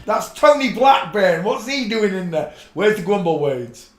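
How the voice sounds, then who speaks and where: A man's voice: high voice, very animated, unhurried, faint music behind. A man hosting a casual live stream, rambling and muttering to himself as he searches for clips. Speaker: channel host. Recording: echoey room.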